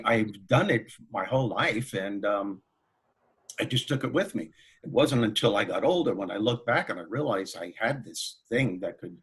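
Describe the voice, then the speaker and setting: A man who is a comedian and motivational speaker, telling anecdotes as a guest in an interview in an animated way. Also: medium pitch, breathy edge. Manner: animated, anecdotal, laughs while telling stories. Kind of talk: storytelling in an interview.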